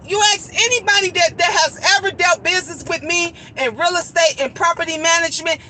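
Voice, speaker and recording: A woman's voice: extremely high pitch, a little fast, bright, forceful tone, a faint crowd, slight background noise, poor audio. A middle-aged woman livestreaming a heated storytime rant, profane and repetitive, her voice breaking near tears. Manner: profane, repetitive, emphatic, quoting others. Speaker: vlogger streaming live.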